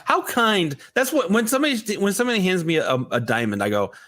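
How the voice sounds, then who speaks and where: A man co-hosting a morning show, chatting and reading out quirky news items. His delivery is halting and full of restarts, and his pitch swings widely as he talks. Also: huge pitch swings, a bit bright. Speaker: radio show co-host. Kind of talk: casual morning show banter.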